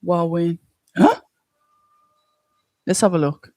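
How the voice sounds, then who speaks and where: A casual, chatty host, reading out viewer comments on a live watch-along stream and reacting as they go. The voice is mid-pitched and recorded dry and close, with no room sound. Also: takes it slowly, dark tone, no room sound. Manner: casual, chatty, thinks aloud.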